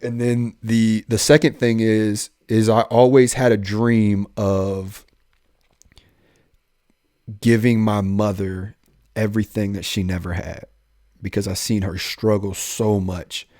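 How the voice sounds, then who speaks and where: A young man, a police officer, telling his life story in a casual podcast chat, goofy and animated, acting out the lines he quotes. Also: lowish voice, slow pace, dry recording, clean studio sound.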